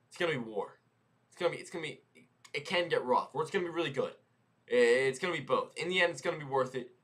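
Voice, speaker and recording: A young man on a live trading stream, teaching in a loose, slangy way, repeating himself and tossing in "right?" and "boom". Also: fairly bright tone. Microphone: headset mic.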